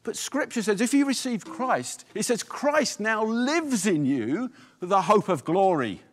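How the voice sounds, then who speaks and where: A man's voice: high voice, sing-song, unhurried. A man preaching a sermon as pastor, with emphatic, repetitive exhortations. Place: church. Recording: long reverb of a church hall.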